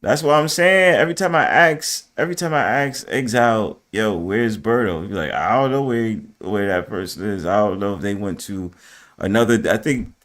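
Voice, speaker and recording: A man's voice: lowish voice, a little fast, fairly bright tone. A man chatting casually on a livestream panel, laid-back and profane, laughing easily. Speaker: panel guest.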